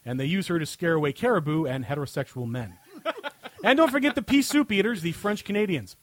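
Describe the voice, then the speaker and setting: Male podcast host, a bit high-pitched, over-the-top mocking read, dry close desk mic. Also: big pitch swings, fairly quick, dry recording. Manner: mocking, over-the-top delivery, chuckling at his own jokes. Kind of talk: reading comic answers to listener questions. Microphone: own desk microphone.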